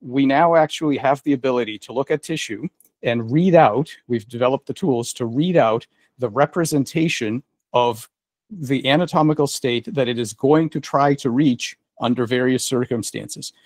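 A man speaking on a conference panel about his research, talking in a halting way with many restarts and repeated words. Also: mid-range voice, darkish tone, no echo. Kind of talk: panel discussion.

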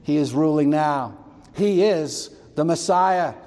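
A man's voice: fairly high pitch, slow pace, darkish tone, long reverb tail. A male pastor preaching a sermon in an emphatic, expository way with asides.

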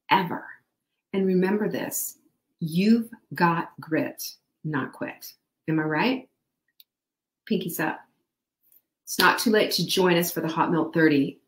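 With a lowish voice and a roomy sound, a woman runs a live online broadcast full of positive motivational coaching. She speaks to her viewers directly, using their names.

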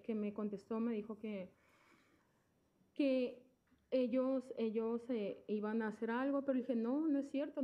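A woman speaking as a parent at a public meeting, emotional and halting, close to tears as she searches for words. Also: a little high, dull audio. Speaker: parent giving public comment.

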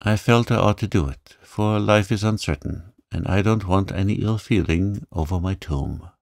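A man's voice: fairly low pitch, normal speed, vocal fry, a little mellow, dry recording, clean studio sound. A man voicing a prim, fussy young girl in a storybook reading, speaking earnestly.

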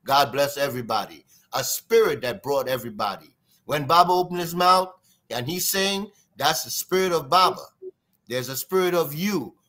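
A man with a Trinidadian accent, a guest drummer telling stories in an interview, lively and sing-song, imitating drum sounds. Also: fairly high pitch, moderate pace. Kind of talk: animated storytelling interview.

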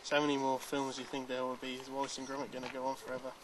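A male reporter introducing a story and then asking an actor brisk, plain interview questions outdoors. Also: mid-range voice, monotone, background noise.

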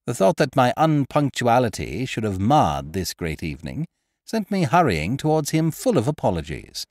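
A male podcast narrator reads a classic story aloud into a studio microphone. His delivery is vividly expressive, with wide swings in pitch. The room sound is dry and close. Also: moderate pace, no room sound.

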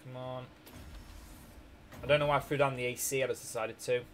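A man's voice: mid-range voice, steady tone, a little fast, slight background noise. Chatty Scottish man with a sore throat. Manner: rambling, chatty, jokey, laughs often. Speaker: game streamer. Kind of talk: casual live-stream chat.

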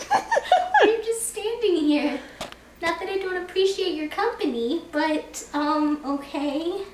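A woman's voice: extremely high pitch, unhurried, distant mic. A young woman, a college student, casually cooing and coaxing her dog in a small dorm bathroom. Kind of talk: casual chat. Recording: echoey, off-mic, noisy phone audio.

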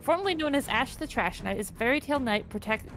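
A woman's voice: on the high side, animated, fast talker, fairly bright tone, faint music behind. Laughing woman co-host. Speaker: co-host of an online AI battle game. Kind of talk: casual chat, reading entries aloud.

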